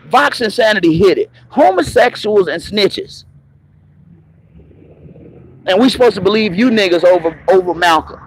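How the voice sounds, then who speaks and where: Raspy, slightly high-pitched man; streamer ranting with a combative, mocking, foul-mouthed edge. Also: animated, a little slow, long pauses, a little hiss or hum, low-quality recording. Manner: confrontational, profane, mocking. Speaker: online commentator. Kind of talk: live-streamed rant. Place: moving around on the go, patchy signal.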